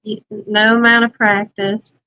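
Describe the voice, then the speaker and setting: A woman's voice: medium pitch, flat delivery, measured pace, pushed and bright, clean tone, highs cut off. A woman with a Southern US accent co-hosting a casual beekeeping live chat, chatty and emphatic, laughing often. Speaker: beekeeping livestream co-host.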